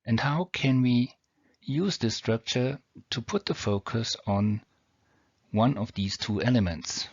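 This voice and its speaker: Speaking slowly at medium pitch, a man with a non-native accent walks through English grammar on slides, patient and step by step. The recording is dry, and the homemade audio comes across dull and lo-fi.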